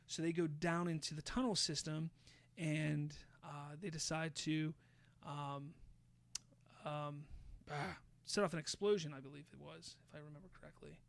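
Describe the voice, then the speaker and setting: A man hosting a podcast, casually retelling a show's plot with lively, swear-laden storytelling. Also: a little high, normal speed, vocal fry. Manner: animated storyteller, swears freely, acts out quotes. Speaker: podcast host.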